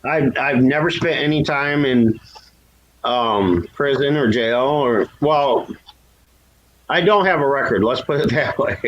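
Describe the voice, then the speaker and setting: A man's voice: animated, slow pace, lo-fi sound. A man chatting casually and candidly about his past, laughing at himself and lifting his voice when acting out what others said. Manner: candid and self-deprecating, laughs at own story; raises pitch to act out quoted voices. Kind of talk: casual chat.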